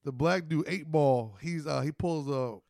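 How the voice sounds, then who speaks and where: A man co-hosting a casual, profane movie breakdown, retelling scenes and backing up his partner with quick affirmations. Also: on the high side, gravelly, darkish tone. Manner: profane, retells scenes by acting out quotes, keeps affirming "facts" and "word up". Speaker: podcast co-host.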